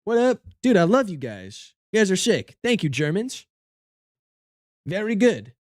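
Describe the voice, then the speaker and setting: A man's voice: sits high, very animated, a little slow, a little mellow, dry recording, clean studio sound. A man talking casually to his livestream chat, goofy and joking as he reviews game cards.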